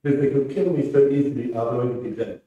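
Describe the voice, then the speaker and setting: A calm, teasing man who never loses his cool, as a reader puts him on. His voice sits a bit higher than the narration, heard from far off in a roomy hall. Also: fast, muffled recording, lightly acted. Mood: mocking. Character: calm mocking man who stays confident.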